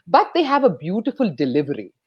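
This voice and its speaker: A woman talks as a guest about public speaking. Her pitch swings widely, high then low, as she plays up rhythm and pauses. She speaks like a trained radio voice. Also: big pitch swings, husky, muffled recording. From India. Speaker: guest, speech coach and radio jockey. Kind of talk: enthusiastic interview talk.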